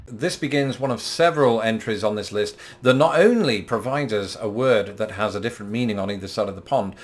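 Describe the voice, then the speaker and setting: A man's voice: fairly low pitch, a little fast. A man with a British accent, hosting a scripted explainer vlog from his apartment in a playful, self-mocking way. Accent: British English. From Britain. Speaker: YouTube host.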